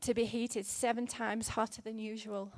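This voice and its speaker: Woman in her 30s preaching, earnest and chatty, kinda high voice, dry close sound. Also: level tone, normal speed, no room sound. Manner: earnest, gently conversational, with filler words. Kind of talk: sermon.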